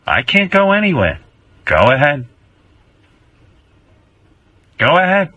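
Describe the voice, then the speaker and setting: A man's voice: a little high, wildly swooping pitch, moderate pace, sharp tone, dry recording, muffled recording, pitched above the performer's own voice, full character voice. A man playing a nagging, guilt-tripping older mother who acts like a martyr, whining and repeating the same complaints in a comic improvised bit. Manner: whiny, theatrical, repeats complaints.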